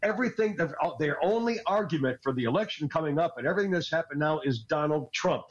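A man rants on a talk radio show in a fairly high voice, his intonation lively and his pace quick. He's a regular commentator, agitated and scattered, stammering and laughing through an animated political rant. The sound is lo-fi.

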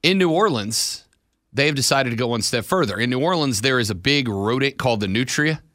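Bright-voiced teasing sports radio host, male. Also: mid-range voice, fairly quick, no echo, clean studio sound. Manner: teasing, animated hype. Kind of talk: sports talk radio banter. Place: radio studio.

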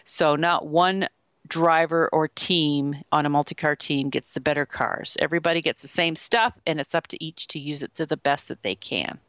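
A woman's voice: low-pitched, steady tone, moderate pace, fairly bright tone, no room sound. A woman co-hosting a motorsport talk podcast, sharing opinions in an easygoing, chatty way. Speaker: podcast co-host. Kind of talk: casual sports talk.

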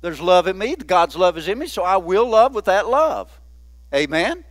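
A man preaching a sermon, often asking the congregation "Amen?" and slowing down to stress key words. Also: high-pitched, very animated, dry recording. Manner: call-and-response preaching with frequent "Amen?". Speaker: pastor.

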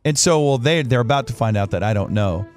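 Animated man telling a story. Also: medium pitch, fast talker. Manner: animated storyteller, acts out family voices. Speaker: co-host. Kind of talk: casual sports chat.

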